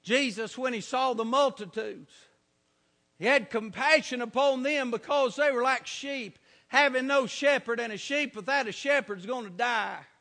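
Fiery preacher with a high, bright voice. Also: male voice, normal speed, gravelly, in a large hall. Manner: fiery revival preaching, swinging from hushed to shouting. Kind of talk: sermon. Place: church.

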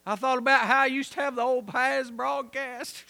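A man preaching a sermon, telling a story and building to loud, emphatic peaks. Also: very high voice, steady tone, moderate pace, vocal fry.

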